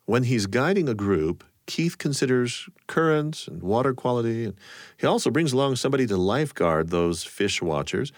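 A man's voice: mid-range voice, animated, moderate pace, no room sound, clean studio sound. A male radio host, amused and chuckling easily, narrating from a script and asking his guest questions.

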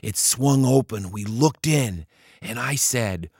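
A male storyteller who performs a childhood memory with lively, swooping intonation. He slips into the children's voices and sinks to a hush when the suspense builds. The sound is close and dry. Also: medium pitch, slow, husky, no room sound. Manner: acts out the children's voices, drops to hushed tones for suspense.

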